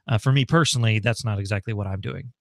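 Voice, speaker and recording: A man's voice: lowish voice, fast, fairly bright tone, no echo, studio quality. An American man from home hosting a casual live Q&A stream, chatty and thinking aloud with frequent ums and laughs. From United States. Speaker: livestream host.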